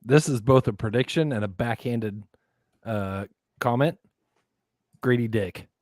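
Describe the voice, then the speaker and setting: A man's voice: mid-range voice, a little slow, a little mellow, no room sound, clean studio sound. A man on a sports podcast panel, joking and playful through the banter. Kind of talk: casual sports podcast chat.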